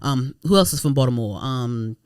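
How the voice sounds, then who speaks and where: Woman, from Maryland, podcast co-host, casual chat, sarcastic, profane, lively pitch, dry close sound. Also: moderate pace, clean tone, no echo, faint music behind. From Prince George's County, Maryland. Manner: animated, profane storytelling.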